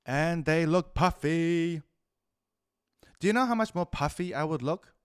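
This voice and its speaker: A man with a New Zealand accent ranting profanely through a rambling solo monologue, swinging between loud outbursts and muttered asides. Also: on the high side, expressive, unhurried, clean tone, dry recording, studio quality. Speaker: podcast host.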